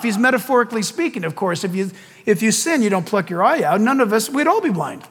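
A pastor preaching with a strikingly high, swooping voice that leaps up for emphasis. He plays out Bible scenes with laughs and shouts. His words ring out with a long hall reverb. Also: very animated, fast talker, husky. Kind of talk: sermon.

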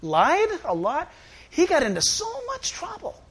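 A man voicing God as a fond, forgiving father figure, with a high voice. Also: wildly swooping pitch, a little slow, a bit bright, exaggerated voice.

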